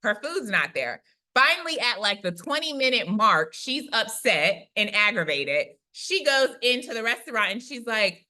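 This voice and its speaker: Bright-voiced woman telling a faith story. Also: a little high, a little slow. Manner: chatty, animated retelling with frequent "she's like" and "right?". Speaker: Christian YouTuber, prophetic speaker. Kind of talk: conversational storytelling testimony.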